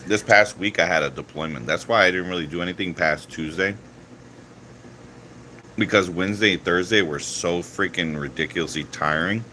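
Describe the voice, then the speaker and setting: A man's voice: moderate pace, a little hiss or hum. A man vlogging casually, telling a story from his week and acting out the other people's lines. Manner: animated, acts out quoted dialogue with rising pitch.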